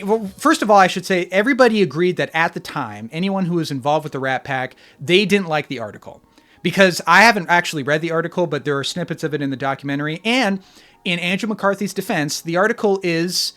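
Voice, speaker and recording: Guy reviewing a movie off the cuff, kinda high voice, faint music under him. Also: a bit bright. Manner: opinionated, rambling with frequent restarts. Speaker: film reviewer. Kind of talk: casual spoken movie review.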